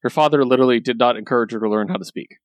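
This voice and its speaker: A man's voice: medium pitch, racing, dry recording. A man hosting a casual talk, recapping stories with enthusiasm and plenty of ums and likes. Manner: enthusiastic, lots of fillers. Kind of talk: casual chat.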